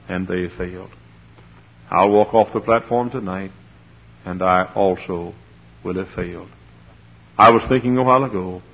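A low-voiced preacher delivers a passionate sermon, his delivery swelling toward shouting as he presses his point. His voice is gravelly and husky. The old recording sounds dull and muffled. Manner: impassioned preaching that builds to shouting. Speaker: pastor. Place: church sanctuary before a congregation.

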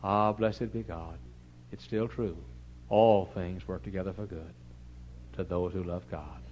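A middle-aged man with a Texan accent, preaching a folksy, humorous storytelling sermon that swings from loud to hushed. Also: low-pitched, fairly even intonation, a little slow, muffled recording, a little hiss or hum.

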